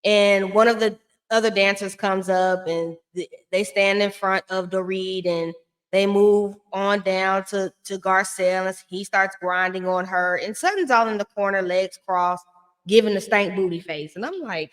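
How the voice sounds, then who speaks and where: A woman's voice: mid-range voice, steady tone, measured pace. A woman giving a blunt, chatty recap of a reality show in a casual, slangy way.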